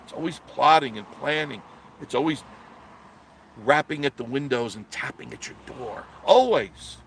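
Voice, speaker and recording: A man's voice: mid-range voice, normal speed, a bit bright, slight background noise. A man hosting a live stream, delivering a blunt, preachy monologue and answering viewer comments.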